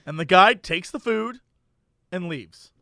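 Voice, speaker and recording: Podcast guy with a really high bright voice, acts out the people in his stories. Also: slow, vocal fry, no room sound, studio quality. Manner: animated, acts out voices in anecdotes, laughs while telling. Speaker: podcast co-host. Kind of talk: casual storytelling chat.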